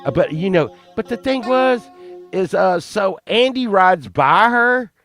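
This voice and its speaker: A man in his fifties telling a rambling, profane childhood story, excitable and often laughing. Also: high voice, a little slow, faint music behind. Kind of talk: casual anecdote telling.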